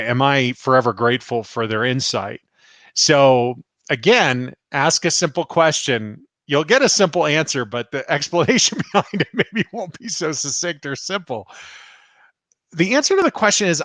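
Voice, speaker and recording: Laughing spiritual teacher on a live stream. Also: male voice, on the high side, no room sound. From United States. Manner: laughs often, animated retelling.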